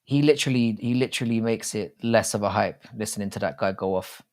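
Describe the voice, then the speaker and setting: A man's voice: fairly low pitch, fast, darkish tone. A young man hosting a casual live stream, rambling and swearing freely with many restarts.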